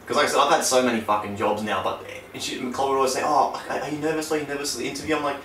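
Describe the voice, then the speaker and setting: A man's voice: racing, slight background noise. Swearing young man on a distant mic. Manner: swears a lot, animated storyteller. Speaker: podcast co-host. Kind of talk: casual chat. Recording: roomy, distant low-quality backup mic.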